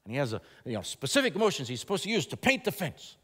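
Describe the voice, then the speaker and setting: High-voiced male preacher in a reverberant hall. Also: quick pace, breathy edge. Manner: animated storytelling, dropping to quiet earnest appeals. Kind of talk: sermon. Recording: long reverb of a large hall.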